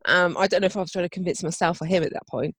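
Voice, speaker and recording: A woman's voice: on the low side, very fast, slightly rough, dry recording. A woman chatting casually, telling a family story with acted-out voices and laughter. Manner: animated storyteller, acts out voices, laughs often.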